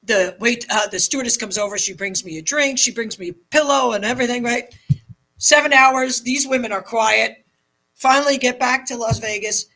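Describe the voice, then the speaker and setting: Woman, talk-show guest, bright voice, emphatic, animated storytelling. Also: a little high, normal speed, rough recording. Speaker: guest, tarot reader. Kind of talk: casual storytelling interview.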